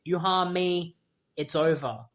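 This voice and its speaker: A reviewer voicing a smug, blustering male city councilman who boasts and threatens, in a quick comic-retelling style. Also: medium pitch, natural voice.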